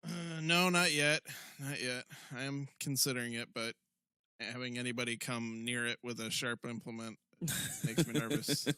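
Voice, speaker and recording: Bright-voiced man, chatty podcast co-host. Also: mid-range voice, fairly even intonation, normal speed, clean tone, no room sound. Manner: talkative, profane, enthusiastic. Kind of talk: casual chat.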